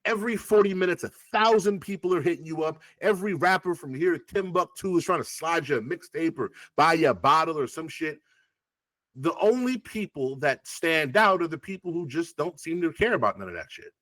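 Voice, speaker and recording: A man's voice: a little high, a little fast, no room sound. A rapper chatting as an interview guest in a slightly raised voice that swings widely up and down. He tells loose, profane stories and jumps into the voices of the people he's talking about. The sound is close and dry. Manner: animated, profane, acts out past conversations. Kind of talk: casual interview storytelling.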